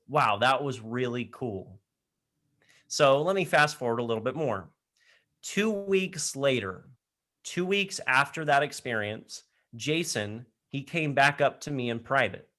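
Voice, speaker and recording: A man speaking in an online session from his laptop mic, telling an animated story to high school students with frequent laughter. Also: a little slow. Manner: energetic, animated storyteller who laughs often. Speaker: leadership program speaker.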